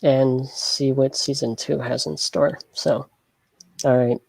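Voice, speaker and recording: Flat, hesitant podcast voice. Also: medium pitch, slow pace, creaky, husky, dry recording. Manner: flat, hesitant, with many ums. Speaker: podcast panelist. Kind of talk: casual group chat.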